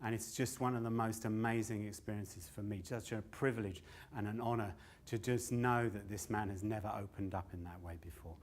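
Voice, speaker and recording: A stand-up comedian telling a long rambling story at a live show, swearing freely and often laughing at himself. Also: male voice, lowish voice, fairly even intonation, a little fast, few pauses.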